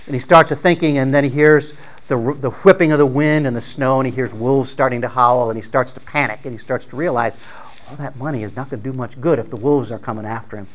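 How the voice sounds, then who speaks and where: A man tells a story out loud in an informal, conversational way. His voice sits at an ordinary middle pitch. He often stumbles, repeats words and starts phrases again as he goes. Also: steady tone, lo-fi sound. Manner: halting, with frequent repeated words and restarts; conversational, plain-spoken.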